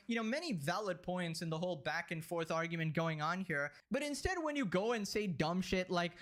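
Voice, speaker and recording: A man's voice: high voice, expressive, a little fast, hardly any pauses, a bit bright. A man hosting a reaction commentary, talking in a sarcastic, mocking and profane way. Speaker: commentary channel host.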